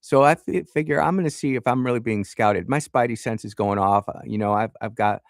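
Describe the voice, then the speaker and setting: A man's voice: medium pitch, fairly quick, vocal fry, dry recording, clean studio sound. A man telling a rambling personal story on a radio show, often restarting mid-sentence and chuckling. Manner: rambling, self-interrupting, chuckles. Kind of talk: casual storytelling. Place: radio studio.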